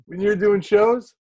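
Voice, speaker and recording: A man's voice: high voice, a little mellow, lo-fi sound. Laid-back male podcast host. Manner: loose, laughing, swears casually. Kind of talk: casual chat.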